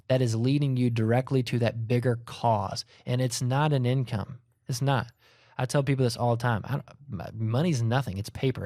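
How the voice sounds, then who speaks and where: A man's voice: medium pitch, a little mellow, no echo, studio quality. A middle-aged man co-hosting a casual podcast chat, talking in long, rambling runs that often restart mid-sentence. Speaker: podcast co-host.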